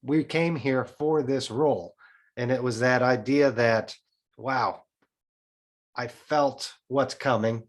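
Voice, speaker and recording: Earnest man speaking on spiritual ideas. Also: medium pitch. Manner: earnest, measured, deliberate. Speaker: podcast guest. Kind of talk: spiritual talk.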